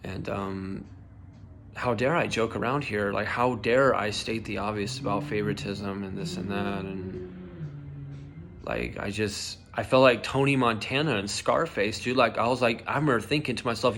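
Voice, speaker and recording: A young male vlogger tells a personal story in a fairly low, fairly even voice at normal speed, a bit bright, with a little hiss or hum. He's heated and emotional, his voice shaking as he swears a lot and fills with "like" and "dude."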